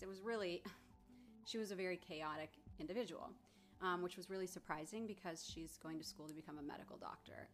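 Woman, therapist, slightly low-pitched, candid personal storytelling, emotional, halting restarts. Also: a bit bright. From Southern California.

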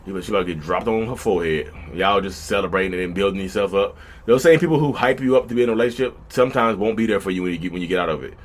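A man, hosting a podcast in a casual, animated monologue. He rattles along at a brisk clip, talking straight to his listeners and slipping into quoted voices. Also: low-pitched. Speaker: podcast host.

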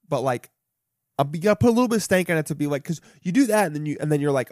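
A young man hosting a solo podcast, chatting casually and profanely, jumping between loud bursts and muttered asides. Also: fairly high pitch, animated, racing, dry recording, clean studio sound. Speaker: podcast host. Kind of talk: rambling solo podcast chat.

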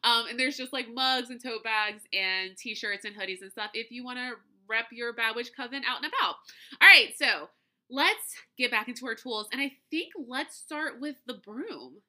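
A woman with a very bright, ringing voice hosts her solo podcast. She talks in a loose, chatty way with a light lilt. She laughs often and sometimes trips over her words. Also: on the high side, animated, normal speed. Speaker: podcast host. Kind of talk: casual solo podcast talk.

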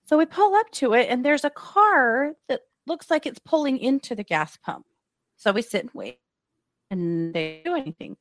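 This woman co-hosts a true crime podcast, retelling a story in casual, lively conversation and acting out what people said. Her voice sits high and moves at normal speed, recorded clean in a studio with no room sound.

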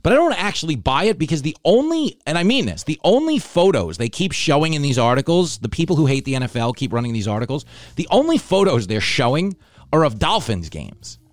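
A man's voice: on the high side, sing-song, fairly quick, no room sound, clean studio sound. A man from Long Island, hosting a casual comedy show, joking and sarcastic about himself and the news. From Long Island, New York. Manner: joking, sarcastic, self-deprecating. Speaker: podcast host.

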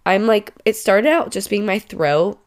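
A woman's voice: mid-range voice, lively intonation, measured pace. Young female podcast host in her twenties, stuffy cold voice, chatty and emphatic. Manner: chatty and emphatic, rising to exclaim in mock outrage. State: congested from a cold. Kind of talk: casual solo podcast chat.

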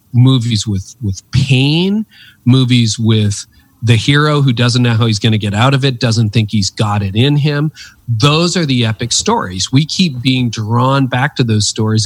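A man's voice: mid-range voice, slightly rough. A man in his fifties, a guest author telling stories with earnest, preacherly emphasis in a conversational interview. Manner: animated storyteller with lively swings in emphasis.

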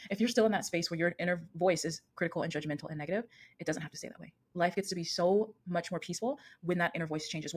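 A woman in her thirties hosting a solo podcast as an emotional coach, talking earnestly and often rephrasing herself. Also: on the low side.

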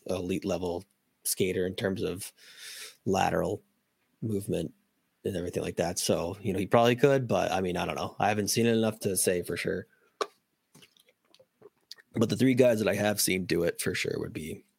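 A man hosting a casual hockey podcast, losing his voice and sounding hoarse, rambling with lots of ums, restarts and casual swearing. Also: low-pitched, no room sound, clean studio sound. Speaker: podcast host. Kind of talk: casual hockey prospect talk.

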